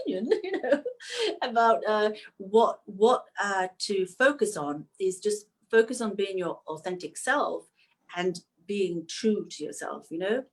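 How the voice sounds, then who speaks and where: A middle-aged woman from Manchester, England, chatting as a guest in an interview; she laughs often and her pitch leaps up when excited. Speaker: actress, guest. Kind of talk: casual interview chat.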